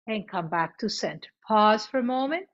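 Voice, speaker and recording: A woman guiding a chair yoga class, giving cues in both English and Spanish and demonstrating loud vocal sounds. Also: mid-range voice, lively intonation, moderate pace. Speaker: yoga instructor. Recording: muffled lo-fi recording.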